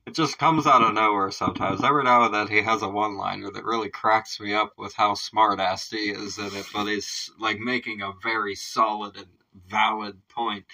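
A man's voice: on the low side, sharp tone, a little hiss or hum, rough recording. A man hosting a music reaction video from his home studio, talking casually, laughing often and swearing freely.

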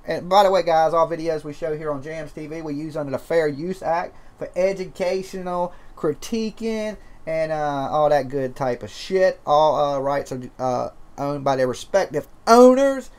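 A man's voice: a little high, moderate pace, hardly any pauses, a little mellow, clean tone. A man from Georgia with a twangy Southern accent, hosting a casual, profane, rambling livestream chat. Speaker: livestream host.

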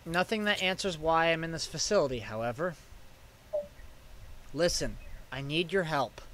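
A man reading game dialogue aloud, voicing a calm, composed grown man in a quiet, measured, reassuring way. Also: a little high, slight background noise, voice pushed down, lightly acted.

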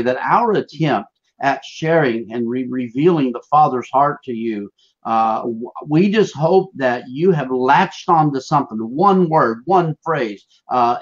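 A man hosting a faith show, gently thanking viewers in a halting way with many fillers. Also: mid-range voice, highs cut off. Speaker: show host. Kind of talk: closing remarks to viewers.

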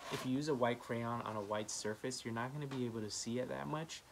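A man giving a children's art lesson, gently encouraging and talking with many "um" fillers while he draws. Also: mid-range voice, steady tone, fast, gravelly, noisy background. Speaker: art teacher.

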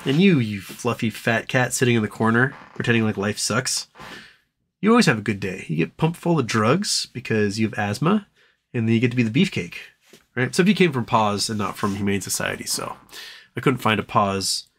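A man's voice: lively intonation, a little fast, a bit bright, husky. Chatty man streaming live. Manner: rambling, jokey, talks to his dog in a high baby voice. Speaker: livestream host. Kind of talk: casual live stream chat.

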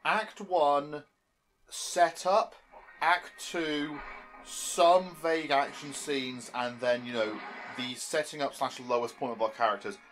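A man's voice: fairly high pitch, slow, faint music behind. An English young man co-hosting a casual film commentary, asking pointed questions and picking apart plot holes. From England. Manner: animated, questioning, nitpicking. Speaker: podcast co-host.

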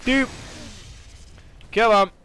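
A man giving excitable let's play commentary, jumpy and quick to swear or squeal when scared. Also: very high voice, slight background noise. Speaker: gaming YouTuber.

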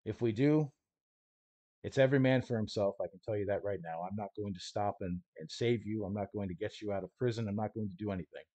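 A man voicing a gruff adult male smuggler guide who gives clipped, businesslike warnings, in a slightly raised version of his own voice. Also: fairly low pitch, fast, dark tone, no echo, dull audio, close to an everyday voice. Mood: stern.

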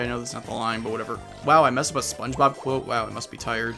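A man's voice: medium pitch, fairly even intonation, fast talker, gravelly, hardly any pauses, bright, forceful tone, soft background music. A man casually commenting on a party video game, rambling and joking, often breaking into silly voices. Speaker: let's play gamer.

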